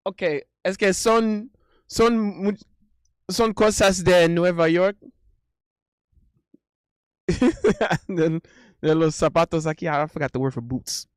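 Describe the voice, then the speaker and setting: A man's voice: high-pitched, slow pace, pauses often, clear, resonant tone, dry recording, clean studio sound. A man streaming live, bantering casually with his chat, often exclaiming in disbelief and breaking into laughter.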